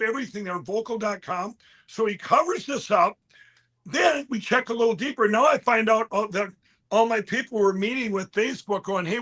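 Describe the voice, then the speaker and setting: A man speaking as an interview guest, telling a long story in an animated, rambling way and quoting other people as he goes. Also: high voice. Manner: animated, quotes others in mid-story, frequent restarts.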